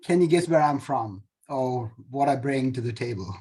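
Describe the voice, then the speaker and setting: A man's voice: mid-range voice, animated, moderate pace, darkish tone, slightly rough. A man from India with a mixed accent carrying traces of New Zealand, speaking playfully and teasingly as an attendee on a video call. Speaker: meeting attendee. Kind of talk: online meeting chat.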